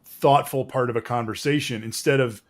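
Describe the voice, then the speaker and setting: A man's voice: medium pitch, fairly even intonation, normal speed. A middle-aged man hosting a casual live panel talk. He reads viewer comments and speaks bluntly and with plenty of swearing. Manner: blunt, profane and fired up. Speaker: host.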